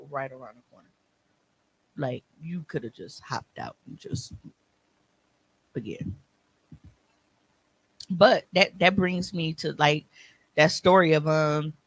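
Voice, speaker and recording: A man with a fairly high voice co-hosts a comedy podcast, recorded close and dry with no room sound. He tells crude stories and reads posts aloud with animated gusto. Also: gravelly, no echo, poor audio. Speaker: podcast co-host.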